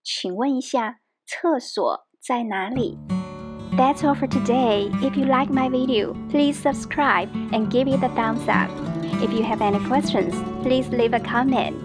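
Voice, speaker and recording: Woman as a video language teacher. Unhurried and methodical, with a raised pitch. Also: loud music behind the voice. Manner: slow, careful explanations with example phrases.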